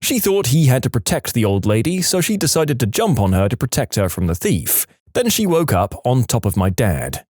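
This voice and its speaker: A man narrating submitted stories for a storytelling channel, with expressive, playful delivery. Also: medium pitch, normal speed, hardly any pauses, no echo, studio quality. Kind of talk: reading submitted stories aloud.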